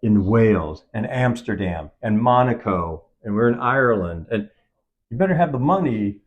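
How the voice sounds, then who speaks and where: A man's voice: on the low side, expressive, normal speed, narrow, tinny audio. A man, a film producer, talking in an on-set interview and acting out quoted dialogue as he tells his story. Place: event set.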